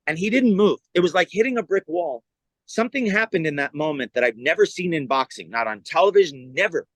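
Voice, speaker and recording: Animated middle-aged male comedian storyteller. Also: on the high side, no echo, rough recording. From California. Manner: animated storyteller, lively retelling. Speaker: comedian guest. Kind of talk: casual podcast storytelling.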